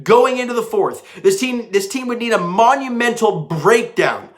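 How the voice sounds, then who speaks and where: A man's voice: high-pitched, animated, moderate pace. A man recording a casual post-game recap as a fan commentator, talking emphatically and conversationally. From Canada.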